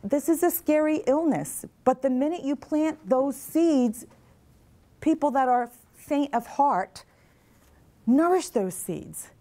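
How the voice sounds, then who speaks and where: A middle-aged woman with a slightly high voice speaks earnestly to a class of nursing students. She asks them questions and repeats their answers back to them. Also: animated, slow pace, dark tone. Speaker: mental health advocate speaking to nursing students. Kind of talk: motivational talk to a class. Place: classroom or lecture hall.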